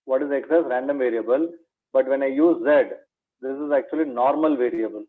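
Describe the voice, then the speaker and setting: This maths teacher speaks fairly quickly in a mid-range voice while giving a revision lecture. He turns each point back into a question for his students and calls them "my dear," and the recording sounds tinny and lo-fi, like a phone.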